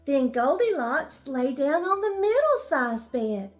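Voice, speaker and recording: An older woman reading a children's bedtime story, gently asking the listening children questions as she goes. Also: sits high, sing-song, takes it slowly, faint music behind.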